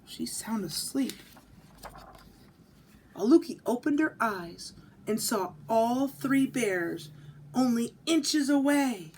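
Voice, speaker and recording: Woman teacher, picture-book read-aloud, high and very animated. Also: takes it slowly, a little hiss or hum. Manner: animated storytelling. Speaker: physical education teacher.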